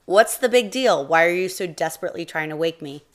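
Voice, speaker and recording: A woman's voice: fairly low pitch, expressive, a little fast, lightly acted. A woman voicing a sleepy, grumpy male black bear who talks in a drowsy, skeptical way.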